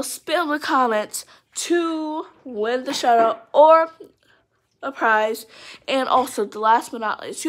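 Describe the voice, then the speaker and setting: A young woman vlogging casually, rambling excitedly and calling her viewers "guys" as she talks through a prank. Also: high voice. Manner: rambling and chatty, often addresses the viewers as guys; excitable, with frequent fillers and restarts. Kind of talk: casual chat to camera.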